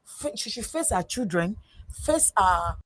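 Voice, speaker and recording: A woman with a Nigerian accent on a talk show, giving animated, preachy advice, switching into Yoruba and often asking "you understand?". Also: mid-range voice, a little slow, no echo, studio quality. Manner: mixes English with Yoruba. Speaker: guest. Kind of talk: casual talk show chat.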